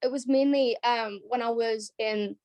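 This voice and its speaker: Young woman, from the UK, chatty, casual group talk, slightly high pitch. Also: steady tone, unhurried, darkish tone, dry recording. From United Kingdom. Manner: chatty, lots of filler likes.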